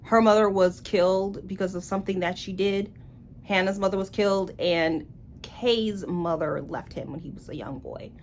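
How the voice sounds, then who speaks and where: A woman's voice: mid-range voice, normal speed, a little hiss or hum. A woman giving a casual book review in a blunt, sarcastic way.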